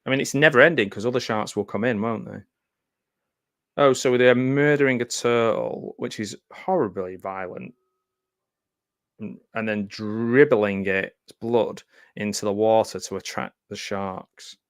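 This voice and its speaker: A man's voice: fairly low pitch, measured pace, a bit bright, dry recording, clean studio sound. A man giving casual, sardonic live commentary over a movie, with lots of filler ums and wry asides. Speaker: film commentary host. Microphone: close mic in front of a green screen.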